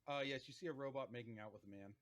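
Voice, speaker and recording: A man narrating a tabletop game as game master, relaxed and rambling with many fillers. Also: mid-range voice, rapid-fire.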